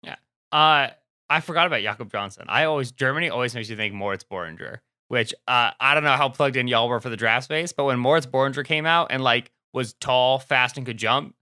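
A man podcast host giving quick, sarcastic, opinionated sports takes in casual chat. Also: mid-range voice, bright, forceful tone, no echo, studio quality.

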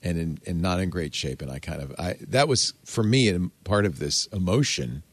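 A man hosting a casual tech podcast, animated and jokey, going soft and low when talking about something personal. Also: normal speed, no echo. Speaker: host.

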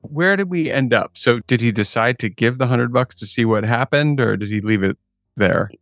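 A man co-hosting a casual podcast, his voice gravelly with fry. The sound is close and dry, with no room around it, and he tells his stories with lively, mocking asides. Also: mid-range voice, normal speed, no room sound. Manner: animated storyteller, jumps into mocking voices. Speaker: podcast co-host. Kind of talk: casual chat.

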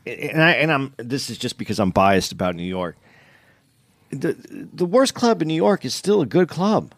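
A man's voice: mid-range voice, big pitch swings, normal speed, no room sound. A man co-hosting a comedy podcast, his voice swooping up and down with lots of movement. He stammers and restarts as he chats, recorded close and dry. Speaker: podcast co-host. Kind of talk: casual chat.

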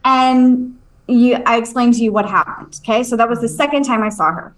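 A woman, a medium and podcast co-host, telling a story at home in a casual, animated way, swearing and checking in with her listener. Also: a little high, brisk, low-quality recording. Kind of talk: casual storytelling on a live stream.

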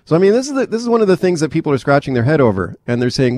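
A man's voice: a little high, rapid-fire, no echo. A man hosting a radio talk show, chatting and putting questions to a guest commentator. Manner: conversational, questioning, lively. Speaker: radio host.

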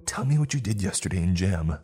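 A man voicing a cold, menacing young man who questions a captive in a slow low drawl. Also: a little mellow, faint music behind. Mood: coldly insistent.

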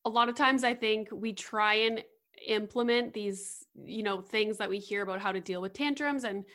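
A woman's voice: mid-range voice, steady tone, normal speed, a bit bright. A woman hosting a casual chat, talking loosely with fillers and agreeing with her guest. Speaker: host.

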